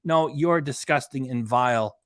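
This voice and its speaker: A man's voice: mid-range voice, normal speed, a bit bright. A man hosting a reaction channel, scolding a streamer in an angry, profane rant. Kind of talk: angry commentary on a livestream.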